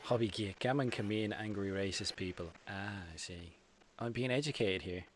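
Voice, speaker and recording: A man's voice: lowish voice, moderate pace, slight background noise. An Irish man hosting a casual hobby livestream, bantering, swearing and reading out chat comments. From Ireland. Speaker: host.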